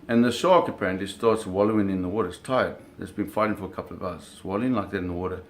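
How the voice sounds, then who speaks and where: Rapid-fire and fairly even in intonation, a man's low-sitting voice carries a casual personal anecdote about shark hunting. He acts out sounds for vividness and keeps correcting himself and repeating words.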